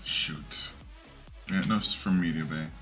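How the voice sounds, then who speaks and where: A man's voice: extremely low pitch, unhurried, a bit bright. A male streamer chatting casually and muttering to himself while he clicks through settings, with faint music behind him. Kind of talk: casual live-stream chat.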